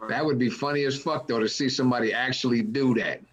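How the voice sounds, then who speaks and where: A man co-hosting a casual podcast, laughing along and making quick, swearing asides. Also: mid-range voice, fairly even intonation, crowd noise. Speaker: podcast co-host. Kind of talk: casual chat. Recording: dull lo-fi audio.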